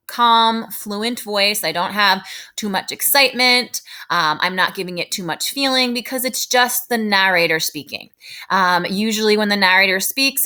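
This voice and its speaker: A woman teacher giving a recorded reading lesson for children, explaining slowly and checking in with tag questions. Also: mid-range voice, pushed and bright. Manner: slow, deliberate explaining, frequent tag questions.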